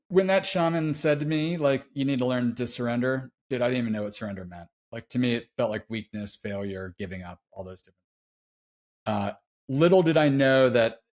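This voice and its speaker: A man's voice: mid-range voice, a little mellow. A middle-aged man telling a personal story as a podcast guest, laid-back and slangy, heartfelt and confessional. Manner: laid-back, slangy, peppers speech with "dude". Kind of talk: casual interview storytelling.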